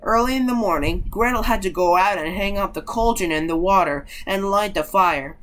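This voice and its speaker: A woman's voice: medium pitch, moderate pace, hardly any pauses, fairly bright tone. A woman reading a fairy tale aloud in an unpolished way, stumbling and correcting herself now and then. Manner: unpolished, with slips and self-corrections. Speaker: reader.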